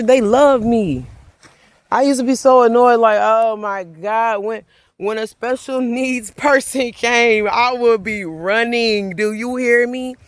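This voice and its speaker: A woman's voice: fairly high pitch, no room sound. Woman ranting bout god n prophets, emotional, preachy, cusses a lot, dry close sound. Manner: rambling, emotional, preachy, swears freely. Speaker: self-described prophet. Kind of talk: emotional spiritual monologue.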